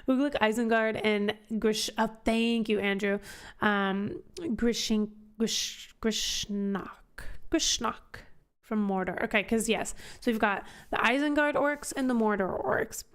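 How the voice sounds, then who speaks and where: A woman's voice: fairly high pitch, takes it slowly, clean tone. A woman hosting a casual book club discussion, chatty and thinking aloud with many fillers and restarts.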